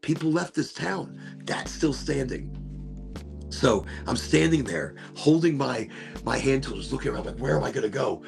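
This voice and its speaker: A man hosting a podcast, telling a story in a casual, animated way, swearing and repeating words as he goes. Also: mid-range voice, a little slow, gravelly, over music. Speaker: podcast host.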